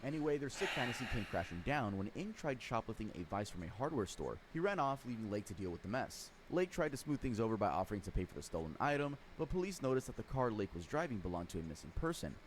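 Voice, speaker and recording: A man giving scripted true crime narration, lively storytelling with dry sarcastic asides. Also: fairly low pitch, fast, few pauses, a little hiss or hum.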